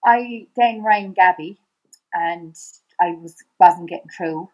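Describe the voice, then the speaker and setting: Middle-aged woman, Irish accent, slightly low voice, podcast guest, emotional storytelling, repeats herself, acts out dialogue. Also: slow, muffled recording. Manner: repeats "I said" constantly, re-enacts dialogue with rising voice.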